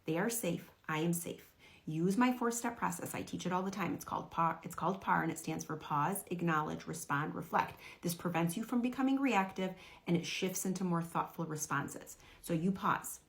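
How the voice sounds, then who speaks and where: A woman's voice: on the low side, expressive, moderate pace. A woman who works as a parenting coach, giving direct, earnest advice to camera.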